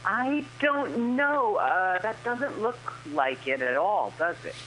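A man chats casually on the radio, answering in short bursts and laughing a lot. His pitch swings widely and his tone is bright. A faint hum runs behind him. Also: very animated, takes it slowly, poor audio. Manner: short replies, laughs often. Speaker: co-host. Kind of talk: casual movie commentary chat.

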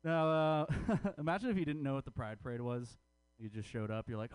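A man's voice: medium pitch, animated, a little fast, smooth, no echo. A man doing a crude, self-mocking stand-up comedy set at a comedy club open mic.

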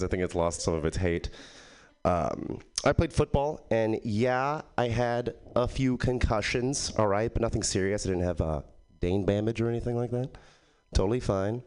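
A man from Texas doing a stand-up set at an open mic, with a loose, halting delivery full of ums. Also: lowish voice, expressive, clean tone. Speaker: stand-up comedian.

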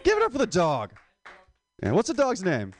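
Crude, rambling young stand-up host. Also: male voice, wildly swooping pitch, moderate pace, dry recording. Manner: crude, rambling, drops pitch on tag lines. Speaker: comedy show host. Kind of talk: stand-up comedy.

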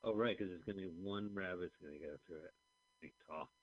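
Low-voiced wisecracking man, dry sound. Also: dry recording, lo-fi sound. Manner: wisecracking, quick asides. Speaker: podcast co-host. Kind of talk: casual movie commentary.

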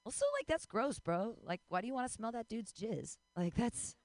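A woman in her forties doing a rambling, self-deprecating stand-up comedy set, breaking into sudden high yelps and laughter. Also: moderate pace, darkish tone, no echo. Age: 40s.

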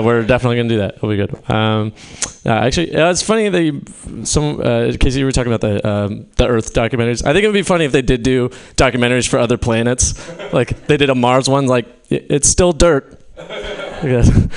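A man's voice: medium pitch, clear, resonant tone. A young man from California doing a stand-up set in a small venue, rambling, swearing often and laughing at his own jokes. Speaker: stand-up comedian. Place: small comedy venue with a live audience.

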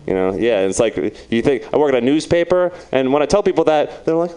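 A man's voice: mid-range voice, fairly quick, hardly any pauses, mellow, clear, resonant tone. A young man doing a rambling, self-deprecating stand-up set, often laughing at his own jokes. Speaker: stand-up comic.

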